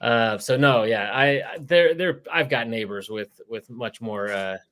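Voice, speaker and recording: A man hosting a casual sports interview podcast, talking in a relaxed, rambling way with lots of fillers. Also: mid-range voice, unhurried. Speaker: podcast host.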